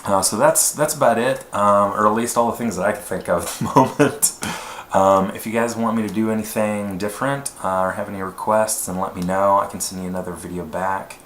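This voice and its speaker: A male voice actor talking casually about his demo reel, relaxed, with many fillers. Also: on the low side, fairly quick. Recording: echoey room, faint noise.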